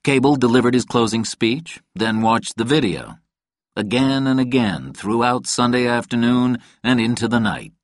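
A man reading a novel aloud in a calm, even storytelling manner. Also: medium pitch, normal speed, no echo, studio quality. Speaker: audiobook narrator. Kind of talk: scripted narration.

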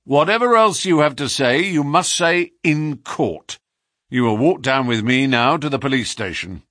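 A man's voice: medium pitch, animated, moderate pace, fairly bright tone, no echo, clean studio sound, pitched above the performer's own voice, lightly acted. A man reading an audiobook, voicing a young police inspector who speaks sternly and with smug formality. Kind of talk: audiobook character voice.

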